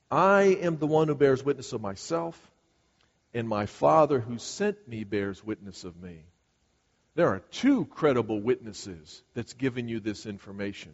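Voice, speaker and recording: A man preaching a sermon in an earnest, emphatic way, taking on Jesus' voice as he paraphrases scripture. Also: medium pitch. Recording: dull sound with long hall reverb.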